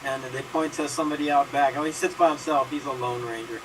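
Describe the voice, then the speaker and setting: A man playing an improv game, telling quick one-liner jokes with deadpan punchlines. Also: mid-range voice. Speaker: improv player. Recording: distant mic with noise.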